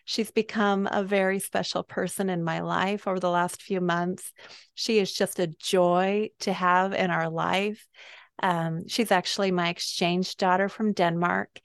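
A woman's voice: on the low side, creaky, no room sound. A middle-aged woman hosting a casual podcast chat, effusive and chatty with frequent ums. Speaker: podcast host.

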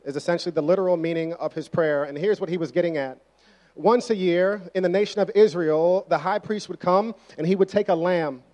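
A man's voice: high-pitched, brisk, a little mellow. Conversational young male preacher. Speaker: pastor. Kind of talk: sermon.

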